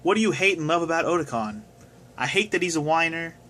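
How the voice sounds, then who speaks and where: A young man with a fairly high, fairly bright voice talks fast and expressively as he casually answers viewer questions on his video, rambling and occasionally swearing. It's a casual chat recorded on a phone camera.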